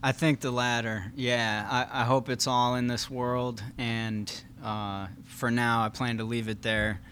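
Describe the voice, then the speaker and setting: Brief: male author, halting answers, even reading voice, faint background noise. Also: mid-range voice. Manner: hesitant when talking, steady when reading. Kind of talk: live author talk and reading.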